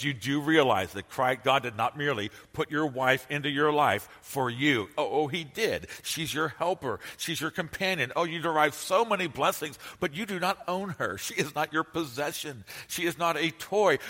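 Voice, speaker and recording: Impassioned preacher in a ringing hall. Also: male voice, mid-range voice, bright, forceful tone. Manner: impassioned and emphatic, with bursts of rising intensity. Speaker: pastor. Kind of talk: sermon. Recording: long hall reverb.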